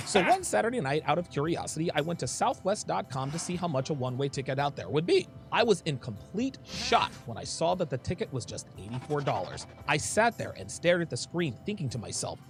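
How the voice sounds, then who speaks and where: Male host narrating his own past with lively, dramatic pitch swings. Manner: animated, dramatic storytelling. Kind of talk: personal story narration.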